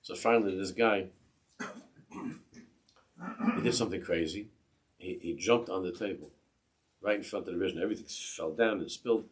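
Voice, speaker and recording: A man's voice: low voice, fast. A man teaching a class, telling a Hasidic story with animation and acting out the voices of the people in it. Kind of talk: storytelling sermon.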